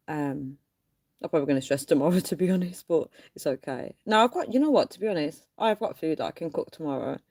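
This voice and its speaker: A woman hosts a livestream from her phone, talking fast in a slightly low, warm voice. She's animated and chats casually in a loose, rambling way, repeatedly calling her audience "guys" and laughing often.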